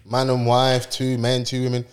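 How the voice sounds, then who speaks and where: A man's voice: medium pitch, normal speed. A man, co-hosting a podcast, chatting casually and reacting bluntly to what others say. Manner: blunt reactive interjections, animated. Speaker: podcast co-host. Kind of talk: casual chat.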